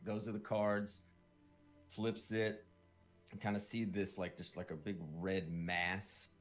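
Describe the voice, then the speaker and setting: Deep male game master, rambling descriptive narration, faint music behind. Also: level tone, slow. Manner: loose, filler-heavy description.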